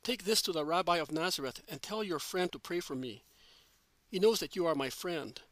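A man's voice: sits high, fairly quick, a bit bright, no echo. A man reading as a cheeky, stubborn little boy. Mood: eager.

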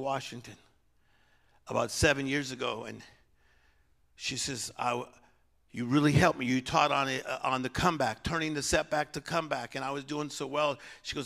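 A man preaching a sermon, swinging between loud exhortation and hushed, low-key storytelling, with soft piano music behind him. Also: fairly even intonation, moderate pace, gravelly.

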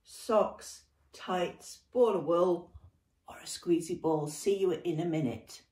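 A young British woman leading a gentle seated movement session. She laughs often and talks in an encouraging way. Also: on the low side, takes it slowly. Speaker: dance and movement workshop leader. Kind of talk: gentle guided exercise session. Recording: echoey room, voice from a distance.

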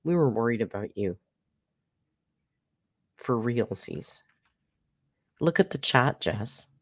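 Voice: medium pitch, expressive, normal speed. A live streamer in casual reaction chat, talking straight to the viewers and narrating their own actions aloud.

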